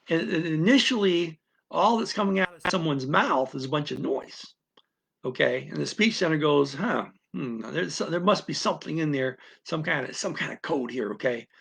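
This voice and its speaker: Gravelly-voiced man explaining, rambling. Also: a little high, a bit bright. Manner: rambling, repetitive, with frequent restarts and asides; acts out what a parent or a baby's mind says. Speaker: language-learning teacher. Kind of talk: unscripted explanatory talk.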